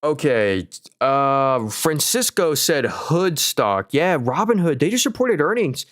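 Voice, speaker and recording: A man's voice: a little high, big pitch swings, slow pace, a bit bright, no room sound, studio quality. A young man hosting a live stock market stream, talking casually and upbeat through earnings numbers, with fillers and restarts. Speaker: stock market livestream host.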